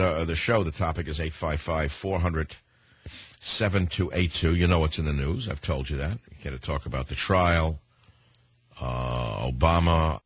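A man's voice: deep voice, a bit bright, breathy edge, no room sound. An older man with a New York accent, hosting a radio talk show in a combative, rambling way and often repeating himself. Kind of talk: opinionated talk radio monologue.

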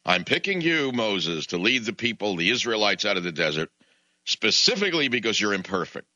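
God as a firm, patient chooser with a bright, dry voice, put on by a man. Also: lowish voice, sing-song, fairly quick, dry recording, muffled recording, heavily acted. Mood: insistent. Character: insistent male God choosing an imperfect leader.

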